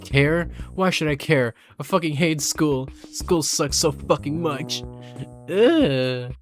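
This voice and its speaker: A man's voice: sits high, sing-song, unhurried, faint music behind, pitched above the performer's own voice. A man voicing a moody teenage girl who whines and lashes out dramatically. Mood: bitter. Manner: whiny, dramatic outbursts.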